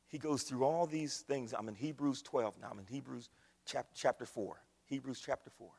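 A man preaching a sermon to his church, swinging between loud, shouted exclamations and hushed, whispered appeals. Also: mid-range voice, moderate pace, vocal fry, slightly rough. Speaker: pastor. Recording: long hall reverb.

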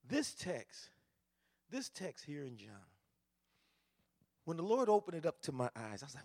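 A pastor preaching a sermon, moving from quiet teaching to shouted fervor. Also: male voice, high voice, sing-song, unhurried, gravelly.

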